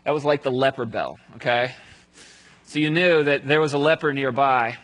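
A man preaching in a relaxed, conversational way, his voice sitting a little high for a man. He tells the story as if picturing it aloud, and his voice falls quiet at the solemn parts. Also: brisk, low-quality recording. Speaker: pastor. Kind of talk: sermon.

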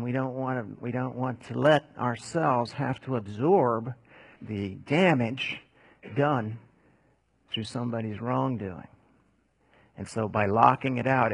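A man preaching a conversational sermon, telling a Bible story in a casual, animated way. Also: mid-range voice, gravelly, breathy edge, no room sound.

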